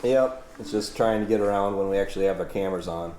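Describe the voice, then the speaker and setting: A man's voice: lowish voice, quick pace, a little mellow. A young man hosting his farm vlog, chatting in an easygoing, folksy way indoors at a family house. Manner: easygoing, folksy, rambling with restarts. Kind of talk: casual chat. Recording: roomy indoor sound with faint noise.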